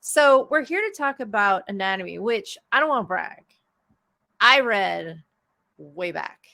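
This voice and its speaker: A woman with a bright, crisp tone chats casually over a video call, joking around with her guest. Her pitch sits in the middle, and her delivery is loose and playful. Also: expressive, measured pace. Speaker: author interviewer. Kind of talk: casual chat.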